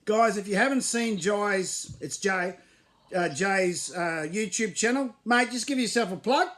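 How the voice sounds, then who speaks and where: A man's voice: sits high, measured pace, fairly bright tone. A man in his forties with an Australian accent, hosting a casual chat and trash-talking his guest with heavy swearing. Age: 40s. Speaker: host.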